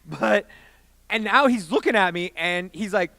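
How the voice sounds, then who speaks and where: A man in his late twenties, a youth pastor telling a story in a sermon and acting out the quotes, his voice rising to shouts. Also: sits high, lively intonation, a little slow, creaky, dry recording. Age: 20s.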